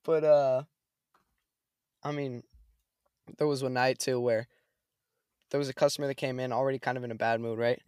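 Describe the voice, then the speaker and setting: A young man chatting casually, telling a story in a lively, slangy way. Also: medium pitch, normal speed, pauses often, clean tone, no room sound, clean studio sound. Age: young adult. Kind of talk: casual chat.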